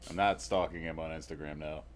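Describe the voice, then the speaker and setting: Deep-voiced deadpan Delco guy. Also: fairly quick. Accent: Delaware County Pennsylvania. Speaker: podcast co-host. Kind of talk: casual chat.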